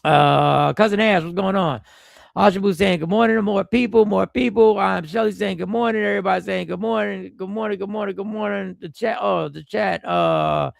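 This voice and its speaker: Man, stream host, stuffy nose from a cold, gravelly, dry close sound, animated, repetitive. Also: high voice, moderate pace, dry recording. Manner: animated, riffing and repeating himself; greets viewers by name. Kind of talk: casual live-stream commentary and chat greetings.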